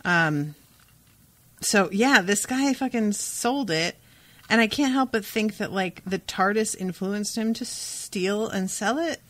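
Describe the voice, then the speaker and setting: A woman co-hosting a podcast in casual chat, animated and blunt, with quick asides. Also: medium pitch, dry recording. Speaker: podcast co-host.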